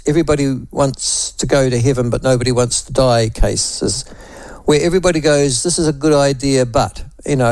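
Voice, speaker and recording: A man's voice: medium pitch, darkish tone, no echo. A middle-aged man with a New Zealand accent hosting talkback radio, blunt and rambling with sardonic asides. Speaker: talk radio host. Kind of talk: opinionated talkback radio chat.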